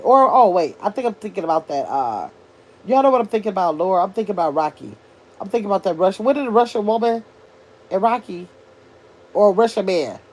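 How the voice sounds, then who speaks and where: An older woman hosting a casual livestream, chatting with her viewers and reading their comments aloud as she thinks out loud. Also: mid-range voice. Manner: chatty, animated, thinks out loud, addresses chat as y'all. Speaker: livestream host reading chat.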